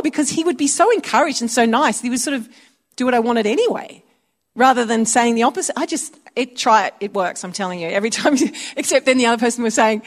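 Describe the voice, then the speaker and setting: A woman's voice: on the high side, expressive, fast. A woman preaching a conversational sermon, telling stories and acting out little voices. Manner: chatty, storytelling, acts out voices.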